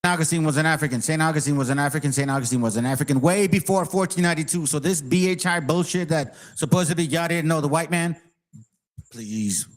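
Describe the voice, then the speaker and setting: A man's voice: on the high side, quick pace. A man hosting his channel, giving a heated, profane and sarcastic ranting commentary. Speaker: channel host.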